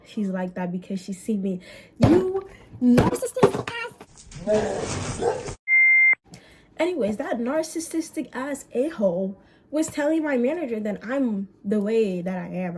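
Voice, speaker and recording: A young woman vlogger telling a story in casual chat, animated and swearing, with quick bursts and drawn-out words. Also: mid-range voice, husky.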